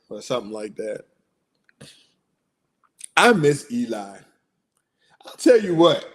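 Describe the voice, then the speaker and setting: A man hosts a loose sports talk stream, talking in slangy, excitable rambles. His voice sits a little high and leaps all over as he gets worked up. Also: takes it slowly, pauses often. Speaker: sports podcast host. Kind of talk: casual sports talk livestream.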